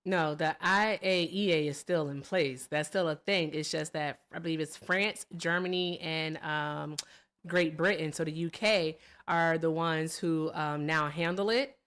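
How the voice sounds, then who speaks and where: A woman's voice: deep voice, steady tone, measured pace, fairly bright tone, smooth. A woman hosting a live call-in debate show, explaining points directly to callers and viewers. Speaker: host.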